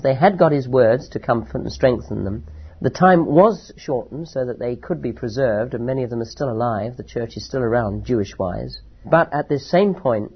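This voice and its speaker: A man teaching verse by verse from the Bible, reading scripture slowly and then explaining it with emphatic rises. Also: mid-range voice, breathy edge. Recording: dull lo-fi recording.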